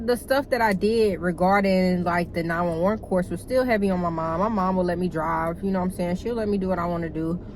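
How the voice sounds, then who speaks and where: A young woman telling a casual storytime to her viewers in a chatty, animated way, cussing freely and calling them y'all. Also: fairly low pitch, a little hiss or hum, rough recording. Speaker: vlogger.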